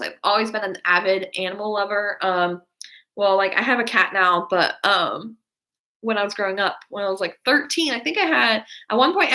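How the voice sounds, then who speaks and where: Sharp in tone and mid-range in pitch, this young woman chats loosely on a casual live stream. Her talk wanders, is packed with "like" and "um," and responds to what viewers write in.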